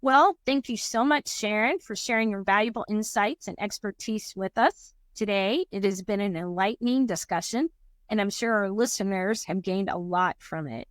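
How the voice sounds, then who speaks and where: A woman's voice: medium pitch, moderate pace, no echo. Upbeat woman podcast host, dry sound. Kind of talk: scripted interview wrap-up.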